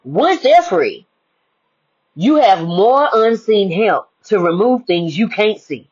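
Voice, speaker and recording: Husky woman giving a lively spiritual pep talk. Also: medium pitch, slow, muffled recording. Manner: emphatic, preachy, repeats key phrases. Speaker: spiritual life coach. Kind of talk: spiritual motivational monologue.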